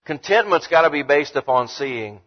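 A man preaching a sermon emphatically, slowing down to read verses. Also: a little high, lively intonation. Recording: dull lo-fi sound with long hall reverb.

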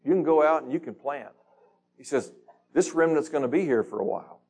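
A man's voice: fairly high pitch, lively intonation, brisk, a little mellow. A man leading a Bible study, reading scripture aloud and putting questions to the group in a casual, conversational teaching manner.

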